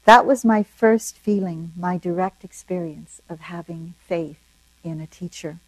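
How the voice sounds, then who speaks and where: An older woman and meditation teacher, telling a personal story in a dharma talk in a soft-spoken, reflective, unhurried way. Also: fairly low pitch, fairly even intonation, no echo, poor audio.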